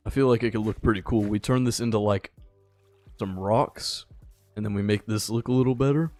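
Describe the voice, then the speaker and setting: A tired young man giving relaxed, rambling live-stream commentary while he plays, chatting with his viewers. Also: lowish voice, a little fast, no echo, soft background music. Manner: laid-back, rambling, chats with viewers. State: a little tired. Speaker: gaming streamer.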